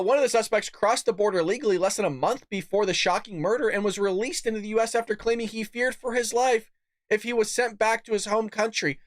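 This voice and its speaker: Furious male podcast host, profane political rant, high-pitched and close, dry sound. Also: no room sound. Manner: angry, profane ranting; mocking put-on voices for quoted opponents.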